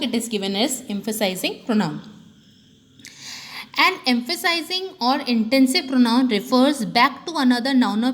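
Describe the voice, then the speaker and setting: A woman's voice: high-pitched, fairly bright tone. A woman teaching a grammar lesson, explaining step by step and saying "okay" often. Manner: explanatory, repeats "okay" often, many restarts.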